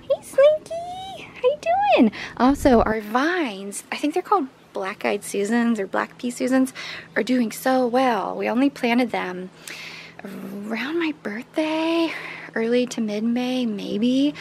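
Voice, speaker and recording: Woman, casual home vlog chat, gravelly texture, slightly high, rambles and coos at a pet. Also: slow pace, slight background noise. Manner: chatty, rambling, coos at her dog in a high voice. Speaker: vlogger. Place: home and backyard garden.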